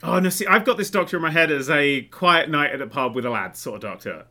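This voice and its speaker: A man co-hosting a podcast in casual chat, animated and sweary, acting out quoted lines. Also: on the high side, fast. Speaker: podcast co-host.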